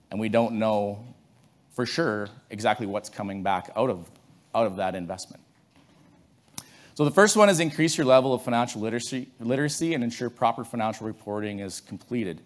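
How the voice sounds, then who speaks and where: Conversational man giving a conference talk. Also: mid-range voice. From Canada. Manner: conversational storytelling, many restarts. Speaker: conference speaker. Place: conference room.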